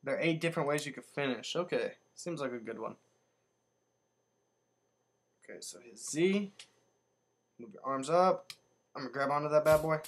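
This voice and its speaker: Excitable man narrating his gameplay. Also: a little high, normal speed, pauses often. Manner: excitable, yelps upward when surviving. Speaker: let's play gamer. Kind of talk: casual gameplay commentary.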